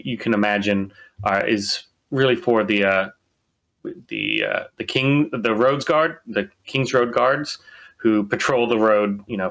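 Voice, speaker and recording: Forceful, halting game master. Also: male voice, on the low side, creaky. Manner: halting, many fillers and restarts. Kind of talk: narrating a tabletop game.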